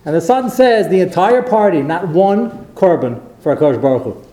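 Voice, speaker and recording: Guy giving a torah class, mellow kinda high voice, echoey room. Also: brisk. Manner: animated storytelling with acted quotes. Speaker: rabbi. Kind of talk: Torah lecture. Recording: roomy echo.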